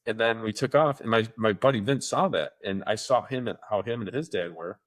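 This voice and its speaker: A lowish-voiced middle-aged man speaks briskly while co-hosting a casual podcast. He drifts from story to story, imitating the voices of those he quotes.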